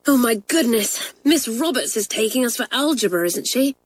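A woman's voice: fairly high pitch, expressive, normal speed, slightly rough, dry recording, pitched above the performer's own voice. A woman voicing a worried schoolgirl who frets about her lessons, with a lifted, fretful voice in a storybook reading.

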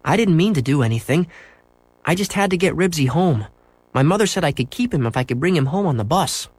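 A man playing a shy storybook boy, small timid voice, lively delivery. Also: on the high side, brisk, dry recording, pitched above the performer's own voice. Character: timid polite young schoolboy.

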